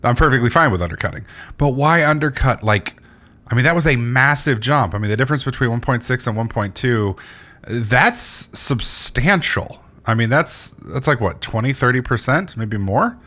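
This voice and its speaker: A man's voice: medium pitch, animated, moderate pace, bright, forceful tone. A man hosting a gaming channel, giving casual gameplay commentary while sleepy, rambling with lots of fillers and restarts and swearing freely.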